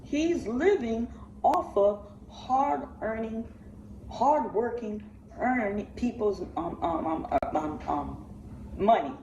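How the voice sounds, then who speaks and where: An emotional woman pleading and halting as she comments on a livestream. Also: a little high, animated, darkish tone, distant mic, muffled recording. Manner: impassioned, pleading, halting with repeats. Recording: echoey room, from the mic, faint noise.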